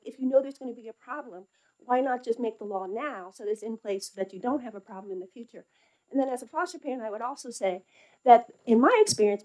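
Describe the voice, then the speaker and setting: Mellow-voiced woman testifying with many fillers. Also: mid-range voice, low-quality recording. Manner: hesitant, loose, many fillers and restarts. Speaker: public witness at a legislative hearing. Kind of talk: spontaneous testimony.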